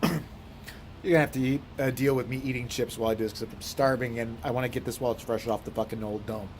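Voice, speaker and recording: A man talks straight to camera in a loose, rambling vlog rant, peppering it with swearing. His voice sits at an ordinary middle pitch. A faint hum of noise lies under the talk. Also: fairly even intonation, quick pace, darkish tone. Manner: profane, rambling storyteller. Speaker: vlogger.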